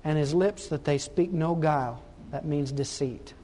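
A man's voice: fairly high pitch, normal speed, mellow, a little hiss or hum. A man preaching a sermon, emphatic, asking rhetorical questions and repeating phrases for stress.

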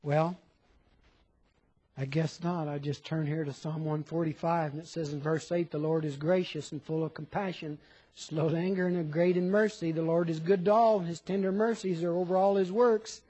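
High-voiced husky preacher man. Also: steady tone, moderate pace, mellow, poor audio. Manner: conversational preaching, rhetorical questions, reads scripture aloud. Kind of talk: sermon.

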